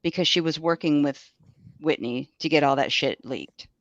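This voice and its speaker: A woman's voice: sits low, normal speed, no echo, lo-fi sound. A woman co-hosting a podcast, making skeptical, knowing remarks. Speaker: podcast co-host.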